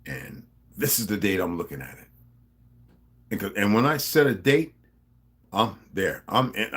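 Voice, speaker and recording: A man's voice: lowish voice, sing-song, a little slow, husky. A middle-aged man with a New Jersey accent, talking to his subscribers in a rambling, profane, confrontational monologue. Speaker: vlogger.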